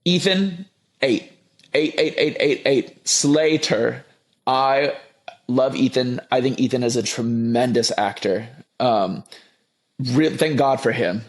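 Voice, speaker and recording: Emphatic young man reviewing a film. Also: medium pitch. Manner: emphatic, rapid opinions with restarts. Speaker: podcast guest. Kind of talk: casual review chat.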